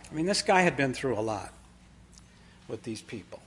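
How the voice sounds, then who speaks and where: A man preaching a sermon in a folksy storytelling way, dropping low and quiet when he quotes. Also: sing-song, moderate pace, heavy background noise.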